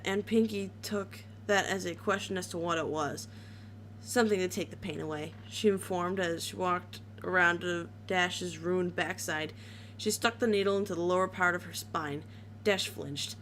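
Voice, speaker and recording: A woman's voice: fairly low pitch, steady tone, moderate pace, fairly bright tone, slight background noise. A woman reading a horror story aloud in a casual way, with small slips and restarts.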